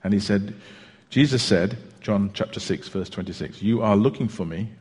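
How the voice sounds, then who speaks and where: A preacher talks through a sermon in a relaxed, chatty way, pausing and restarting as he goes. His voice sits low and slightly husky. The sound carries a long reverb from the church hall. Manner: chatty, unhurried storytelling with hesitations. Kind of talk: sermon with a joke.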